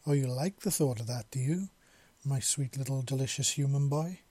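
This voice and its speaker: A man reading a story voices a big scaly male creature who speaks low, soft and purring in a deep, husky voice. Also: steady tone, moderate pace, dry recording, lightly acted. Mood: purring, teasing.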